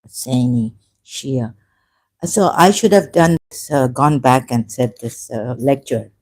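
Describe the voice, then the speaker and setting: Woman in her 50s, emotional, stumbling over words and restarting, mellow dark voice, telling her own story. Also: extremely low pitch. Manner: rambling, halting, with restarts and self-corrections. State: emotional, close to tears. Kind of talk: emotional personal testimony.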